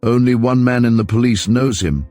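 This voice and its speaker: A man voicing a guarded young man just out of prison, speaking in a cool, clipped, deliberate way. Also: medium pitch, darkish tone, dry recording, soft background music, pitched above the performer's own voice, close to an everyday voice.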